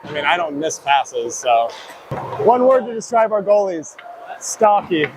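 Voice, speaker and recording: A young hockey player from Ohio talks as he skates, winded and rambling, poking fun at himself. His voice sits on the high side for a man. A body mic picks him up over clear, constant rink noise. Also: sing-song, a little slow. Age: young adult. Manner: rambling, self-mocking, chatty. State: out of breath. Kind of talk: casual mic'd-up practice commentary. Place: indoor ice rink. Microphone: wireless body mic worn while skating. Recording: noisy rink ambience.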